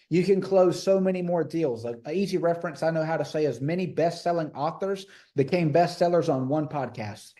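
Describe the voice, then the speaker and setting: Energetic man coaching on sales. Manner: energetic, emphatic, repeats phrases; acts out sales pitches. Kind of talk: live call teaching.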